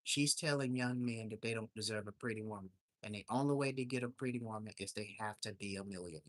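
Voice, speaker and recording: A man's voice: fairly low pitch, quick pace, dry recording. A man hosting a casual livestream, telling a story in an indignant, ranting way. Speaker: livestream host. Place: home in Alaska.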